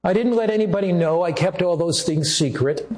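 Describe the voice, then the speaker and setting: A man's voice: high voice, a little fast, a little mellow, natural voice. A man voicing a desperate young woman caller who pleads and confesses her guilt. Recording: echoey room.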